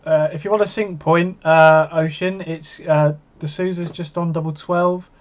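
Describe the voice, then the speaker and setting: A man co-hosting a live watch-along, relaxed and full of fillers, calling the play as it happens. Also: fairly high pitch, a little slow. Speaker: co-host. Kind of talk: casual chat with live darts commentary. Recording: muffled lo-fi audio.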